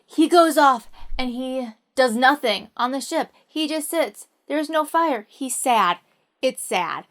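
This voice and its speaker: A woman's voice: high-pitched, animated, takes it slowly, fairly bright tone. A woman telling a fairy tale in a casual, playful way with wry asides. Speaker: storyteller.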